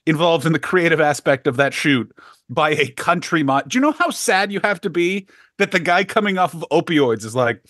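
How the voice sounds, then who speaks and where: A middle-aged man, a comedian co-hosting a podcast, telling profane, animated stories in casual chat. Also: on the high side, normal speed, no room sound, studio quality.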